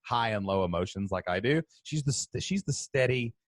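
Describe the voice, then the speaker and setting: A chatty man in his thirties spins a long story as co-host, his voice jumping up and down as he gets excited. The sound is close and dry. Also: medium pitch, moderate pace, no echo. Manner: animated, talkative storyteller. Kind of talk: casual storytelling chat.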